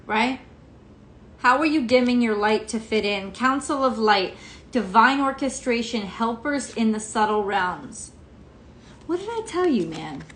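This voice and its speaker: A woman's voice: on the high side, a bit bright, echoey room, a little hiss or hum. A woman giving a casual tarot reading, frank and emphatic, swearing freely. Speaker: tarot reader.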